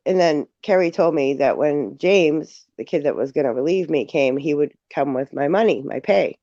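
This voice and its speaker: A woman in casual livestream chat, telling stories with animation and frequent laughs. Her voice sounds dark and mellow, and the lo-fi stream audio is dull and dry. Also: low voice, expressive, normal speed, no room sound. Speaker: livestream guest.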